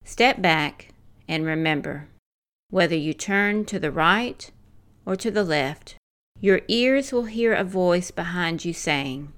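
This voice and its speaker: Slow, measured older woman giving devotional. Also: fairly low pitch, expressive, fairly bright tone, clean tone. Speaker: missionary devotional speaker. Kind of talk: scripted devotional reading.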